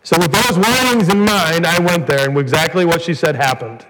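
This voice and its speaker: A man's voice: fairly high pitch, moderate pace. A man preaching a sermon as pastor, earnest and building to emphatic peaks. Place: church sanctuary. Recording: church hall reverb, faint noise.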